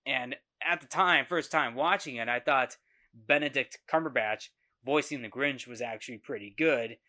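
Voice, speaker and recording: A young man in his twenties talks through a film review in a bright, forward voice. He keeps stopping, restarting and repeating words as he works out his thoughts, casual and unscripted. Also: medium pitch, moderate pace. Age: 20s.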